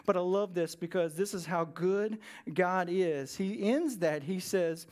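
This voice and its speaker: A man's voice: sits high, measured pace, darkish tone. A man preaching a conversational sermon to a church congregation, telling stories with plenty of fillers. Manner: casual, storytelling, many fillers. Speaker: pastor. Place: church service with a live congregation.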